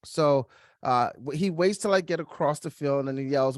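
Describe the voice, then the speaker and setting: A young man co-hosting a podcast, telling a personal story in casual chat, lively and laughing, acting out the voices of others. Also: fairly high pitch, normal speed, no echo, clean studio sound. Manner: animated, acts out quoted voices, laughs while telling. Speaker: podcast co-host.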